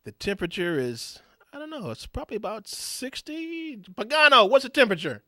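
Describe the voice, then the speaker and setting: A man hosting a live radio talk show, shifting from a booming announcer voice to a loose, rambling chat full of fillers. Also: very animated, a little fast, bright, forceful tone, no echo, studio quality. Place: radio studio.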